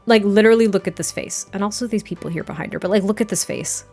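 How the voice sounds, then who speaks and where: A young woman hosts and narrates her life-sim game story in a chatty, filler-heavy style. Her voice sits at a middle pitch and she speaks in casual asides. Faint music plays underneath. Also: fast talker, hardly any pauses, a little mellow. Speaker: gameplay narrator.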